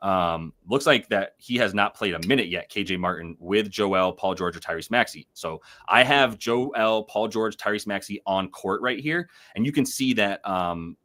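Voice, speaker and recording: A man with a low voice hosts a live betting stream. He rambles casually, swears freely and corrects himself as he goes. His delivery is loose and unscripted. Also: fairly bright tone. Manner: loose, profane, rambling with many fillers. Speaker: sports betting show host.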